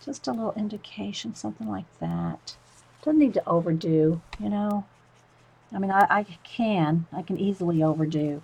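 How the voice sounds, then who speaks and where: A woman's voice: mid-range voice, creaky, breathy edge, low-quality recording. A woman demonstrating mixed media painting, murmuring to herself as she works. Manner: soft, murmured self-talk while painting, often near a whisper.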